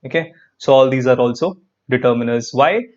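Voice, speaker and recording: A man with an Indian English accent teaching an online grammar class, lively and repetitive, quizzing his students as he goes. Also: mid-range voice, fairly quick, highs cut off. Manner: lively, repeats phrases, quizzes students, frequent "perfect".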